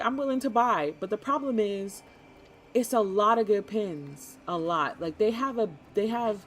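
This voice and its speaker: A woman streamer chatting casually and excitedly to her viewers while she plays a cozy game, often talking to the game itself. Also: mid-range voice. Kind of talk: casual gaming stream chat.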